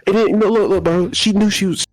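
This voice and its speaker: A young man telling a story in casual chat, animated and laughing often. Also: sits high, fairly quick, no room sound, soft background music. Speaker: podcast co-host.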